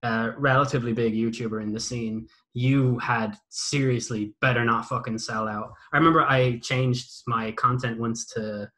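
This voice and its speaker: A man's voice: mid-range voice, steady tone, moderate pace, few pauses, sharp tone. Young male podcast host, sweary and rambling, mid-range voice. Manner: sweary, rambling and self-mocking. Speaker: podcast host and former YouTuber. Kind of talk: casual podcast chat.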